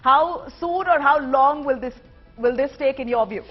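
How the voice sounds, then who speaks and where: A woman's voice: high-pitched, normal speed, faint music behind. A woman anchoring a live news broadcast, putting probing questions to a reporter. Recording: dull lo-fi broadcast audio.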